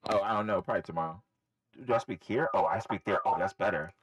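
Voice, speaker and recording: A man's voice: sits low, quick pace, dull audio. A man hosting a live trading stream from home, thinking aloud in casual, rambling commentary. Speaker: livestream trading host. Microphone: desk microphone, wearing headphones.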